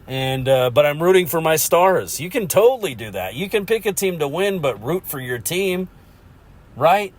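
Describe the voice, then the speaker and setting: A man's voice: fairly high pitch, very animated, moderate pace. A man hosting a casual solo podcast, rambling about hockey and laughing at himself. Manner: rambling, chuckles often, self-mocking. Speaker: podcast host.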